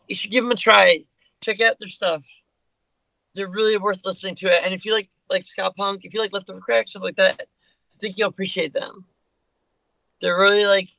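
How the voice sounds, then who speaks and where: A man with a high, bright voice chats as a guest musician on a podcast. He rambles loosely, restarting his sentences often. The recording is dry and close. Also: no echo, rough recording. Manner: rambling, with many fillers and restarts. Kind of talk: casual podcast conversation.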